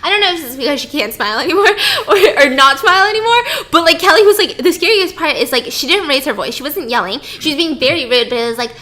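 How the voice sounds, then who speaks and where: A woman's voice: high-pitched, lively intonation, fast talker, few pauses, bright, forceful tone. A woman hosting an eating show, telling a gossip story in casual chat with lots of "like" and "okay?" asides.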